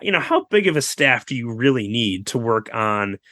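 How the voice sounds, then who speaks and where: A man's voice: mid-range voice, no room sound, studio quality. A man, a guest author, telling history stories in a casual podcast interview, full of asides and fillers. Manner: storytelling, animated, quick asides and fillers.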